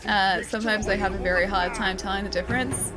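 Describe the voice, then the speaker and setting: A woman's voice: medium pitch, fairly even intonation, fast talker, loud music behind the voice. A woman with an Australian Melbourne accent, chatting casually with viewers while playing a game, laughing often. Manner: chatty, giggly, talks to chat. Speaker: streamer. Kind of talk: casual gameplay chat.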